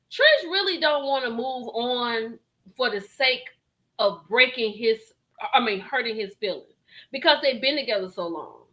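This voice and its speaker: Brief: female reaction host, animated, swooping delivery, chatty and direct. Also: high-pitched, poor audio. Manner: expressive, laughing, talks straight to viewers. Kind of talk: animated reality-TV reaction commentary.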